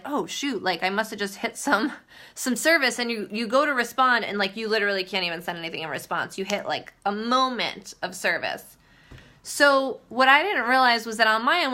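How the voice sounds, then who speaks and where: Bright-voiced chatty young woman. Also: mid-range voice. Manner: chatty, storytelling with many likes. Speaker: vlogger. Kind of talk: casual livestream chat.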